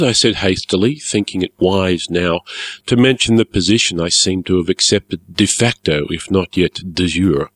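Low-voiced man reading a story. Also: no room sound. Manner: measured, formal and wry. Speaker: narrator. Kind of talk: scripted story narration.

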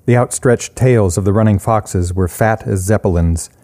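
A man reading a short story aloud in a steady, even manner. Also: fairly low pitch, moderate pace. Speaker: narrator.

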